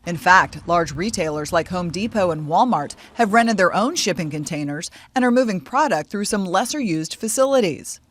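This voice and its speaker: A correspondent narrates a packaged network news report in an even, mid-pitched voice. The delivery is measured and scripted, typical of a national news segment.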